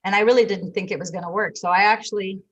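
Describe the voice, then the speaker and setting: Woman hosting a lively relationship chat. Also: mid-range voice, fast talker. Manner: animated storytelling, acts out quoted lines. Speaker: discussion host. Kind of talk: casual group discussion.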